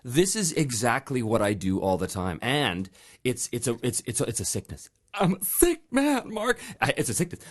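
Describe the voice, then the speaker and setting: A man hosting a podcast, telling a story in a casual, animated way, laughing often and slipping into put-on accents. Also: mid-range voice, fairly quick. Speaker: podcast host. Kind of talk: casual interview chat.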